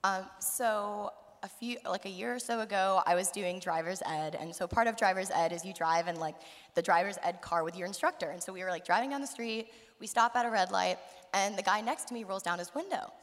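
A young woman in her late teens, a high school senior, telling a story in a chatty way, filling with "like.". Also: fairly quick. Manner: chatty, fills with "like". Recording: echoey hall.

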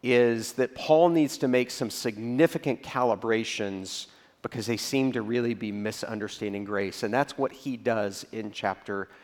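A man preaching a sermon as a pastor, telling stories in a conversational way and dropping to a low voice to act out reactions. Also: moderate pace.

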